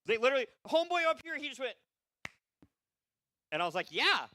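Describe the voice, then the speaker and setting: A weary male open mic comedian rattles through a profane, rambling set. His voice sits high, swings widely and sounds bright and sharp. He laughs at his own jokes, and the sound is dry and close. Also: very animated, quick pace, no room sound. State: tired.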